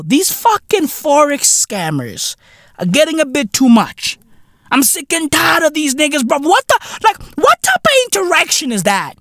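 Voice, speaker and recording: A South African man hosting a podcast, ranting comically with profanity, repeating himself in loud disbelief. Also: very high voice, no room sound, clean studio sound. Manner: loud, incredulous, repeats himself, swears constantly. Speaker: podcast host. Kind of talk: profane comedic rant.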